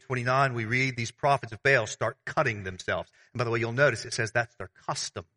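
A man preaching a sermon as pastor, conversational and animated, with everyday analogies. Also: mid-range voice.

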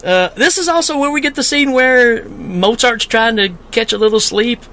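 A man's voice: extremely high pitch, normal speed, bright, forceful tone. A man co-hosting a casual movie commentary chat, laughing often and talking with animation.

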